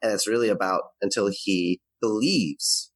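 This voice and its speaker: A man's voice: lowish voice, a little slow, no room sound, low-quality recording. A man giving earnest, explanatory parenting advice as a guest in a conversational interview. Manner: earnest, explanatory, varies his pace to demonstrate.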